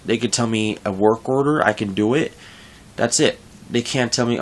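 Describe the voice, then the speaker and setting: A man's voice: mid-range voice, animated, fast talker. A young man talking casually in a vlog, venting frustration about his workplace in a rambling way with frequent restarts. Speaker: vlogger.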